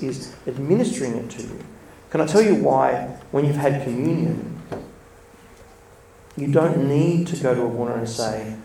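Gravelly man preaching in an echoey hall. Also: medium pitch, slight background noise. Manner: chatty, laughs between points, lively storytelling. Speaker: church speaker. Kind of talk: informal sermon with storytelling. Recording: echoey room, mic from a distance, faint ambience.

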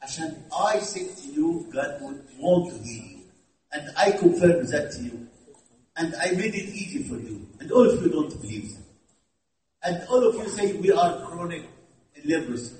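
A man preaches with an Egyptian Arabic accent, his voice high and his pitch leaping around as he questions the listeners. He drifts between English and Arabic. He is heard from far off in an echoey hall. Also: animated, normal speed, a little mellow. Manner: asks the audience questions, switches into Arabic. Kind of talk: interactive sermon.

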